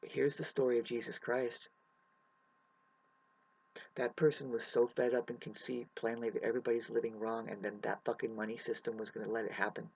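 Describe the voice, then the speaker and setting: Husky, emotional, swearing outdoor vlogger. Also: mid-range voice, level tone, brisk, a little mellow, rough recording. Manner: emotional, profane, restless. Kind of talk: rambling ranting monologue to camera. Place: outdoors in the mountains by a creek.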